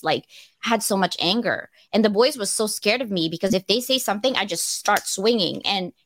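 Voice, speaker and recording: A middle-aged woman speaking at an online audio event, telling candid personal stories with animation, quick to laugh and close to tears. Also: on the low side, fairly bright tone, no room sound. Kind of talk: emotional personal storytelling.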